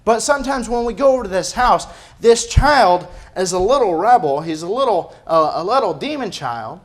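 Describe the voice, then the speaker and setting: A man's voice: sits high, expressive, normal speed. A man preaching a sermon as pastor, emphatic and firing off rhetorical questions. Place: church.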